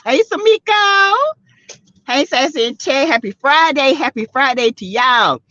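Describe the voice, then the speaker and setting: A sassy Southern woman hosts a laid-back gossip stream, her voice lively and swooping as she laughs and calls out to viewers. She talks slowly and sits fairly high for a woman. The sound is dry and a little dull, like a lo-fi home setup. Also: no room sound. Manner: sassy, laughs a lot, greets viewers by name. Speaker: live-stream host. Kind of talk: casual gossip chat.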